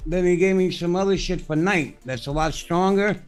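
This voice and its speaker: A man's voice: high-pitched, a little fast, clean tone, faint music behind. A man hosting a podcast, chatting casually as a rambling, profane storyteller. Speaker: podcast host. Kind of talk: casual chat.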